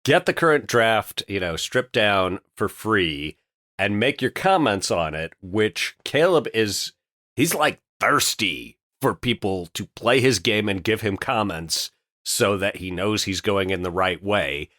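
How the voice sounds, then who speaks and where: A man co-hosting a podcast, talking casually with animated, laughing banter. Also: fairly low pitch, unhurried, no room sound, clean studio sound. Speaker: podcast co-host.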